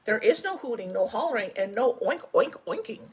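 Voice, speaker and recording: A woman's voice: a little high, big pitch swings, moderate pace. A woman reading as a stern farmer. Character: stern grown man farmer laying down rules.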